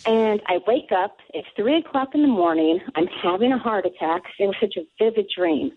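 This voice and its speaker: A woman calling in to a radio show and telling a story with excited, breathless energy. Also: medium pitch, normal speed, slight background noise. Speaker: caller. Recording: tinny phone line.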